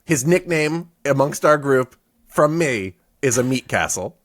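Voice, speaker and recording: A man's voice: mid-range voice, animated, a little slow, no echo, clean studio sound. A man co-hosting a podcast, joking with playful, witty wordplay in a casual chat. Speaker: podcast co-host.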